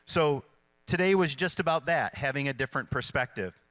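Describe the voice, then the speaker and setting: A middle-aged man, a school superintendent, speaking to staff at an event in a relaxed storytelling way with fillers. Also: fairly high pitch, brisk, no room sound. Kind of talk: speech to staff at a kickoff event.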